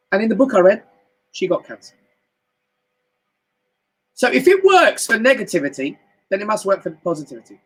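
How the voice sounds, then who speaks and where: Animated husky British man. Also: moderate pace, long pauses, low-quality recording. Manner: animated, chatty, swoops up into high exclamations. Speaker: motivational speaker. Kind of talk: live-streamed motivational talk. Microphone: home live stream mic.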